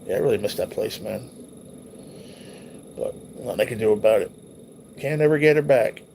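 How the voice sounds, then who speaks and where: A man's voice: on the low side, normal speed, creaky, warm tone, a little hiss or hum. A man hosting a livestream, reminiscing casually over old photos in a loose, rambling, profane way. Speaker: livestream host.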